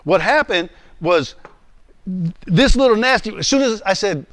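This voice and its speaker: Male pastor, earnest, stammers and repeats, slightly high voice, dry close sound. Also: moderate pace, a bit bright, no echo. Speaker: pastor teaching a class. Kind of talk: emotional teaching talk. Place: room with a class.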